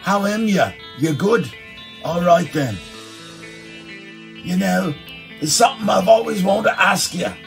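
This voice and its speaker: A man doing a friendly impression of a male rock singer, talking slowly with a gravelly voice, over guitar music. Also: high voice, animated, heavily acted. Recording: music behind.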